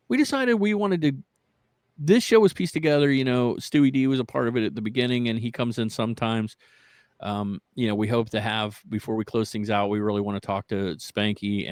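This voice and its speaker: A man hosting a podcast in easy, rambling chat, quick to laugh as he goes. His voice sits at a middling pitch and sounds dry and close, with no room around it. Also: no room sound. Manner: rambling, loose, laughs often. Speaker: podcast host. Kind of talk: casual chat.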